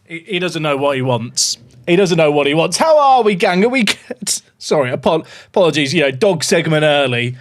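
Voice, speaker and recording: Upbeat male streamer, high, bouncy voice, casual chat to viewers. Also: sing-song, normal speed. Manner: chatty, upbeat, greets viewers. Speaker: livestreamer. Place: home office.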